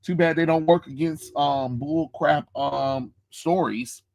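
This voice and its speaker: A man's voice: a little high, fairly even intonation, takes it slowly, vocal fry, a little mellow. A man live-streaming a comic book reading, making sarcastic, dismissive, rambling asides while his allergies give him a runny nose.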